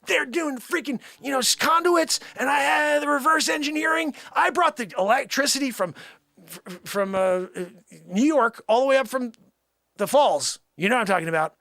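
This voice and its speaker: A man playing a shouting, boastful time traveler. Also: high-pitched, expressive, normal speed, no room sound, studio quality. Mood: manic boasting. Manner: rambling, boastful, shouting outbursts. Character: boastful male time traveler claiming famous past lives.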